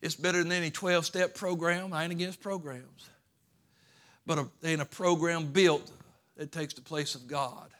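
A man preaching to his church, his voice high and bright as he moves from quiet, folksy asides into loud, pleading cries. He talks plainly, with ain't and gonna, and calls his congregation to clap and shout. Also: steady tone, moderate pace. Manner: folksy Southern-style grammar like ain't and gonna. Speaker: pastor. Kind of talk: sermon. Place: church sanctuary.

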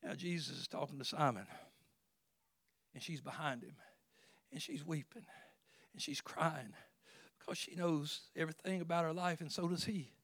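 A man preaching a sermon as pastor. He swings from hushed, intimate talk to loud exclamations and often repeats words. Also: a little high, normal speed, long pauses, no echo, studio quality.

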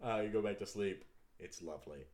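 A man narrating as game master in a tabletop game, in a relaxed, hesitant way. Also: low-pitched, fairly quick.

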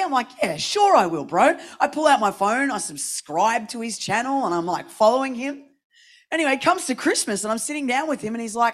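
A woman's voice: fairly high pitch, brisk. A young adult woman preaching a sermon, telling a personal story and acting out the voices in it. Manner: animated, acts out voices in anecdotes.

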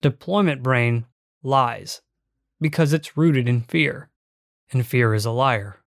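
A man giving measured, reflective first-person audiobook narration. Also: mid-range voice, vocal fry, no room sound, studio quality.

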